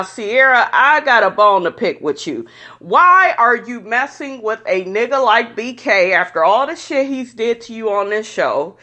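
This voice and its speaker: A woman's voice: a little high, sharp tone. Sassy, blunt woman recapping reality TV. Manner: sassy, blunt, says "honey" often. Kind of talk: casual opinionated recap.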